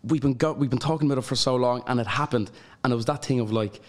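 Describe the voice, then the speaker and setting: Irish guy, young, chatty and animated, laughs a lot as he tells stories. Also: mid-range voice, fast. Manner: animated storyteller, laughs often. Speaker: guest. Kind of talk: casual chat.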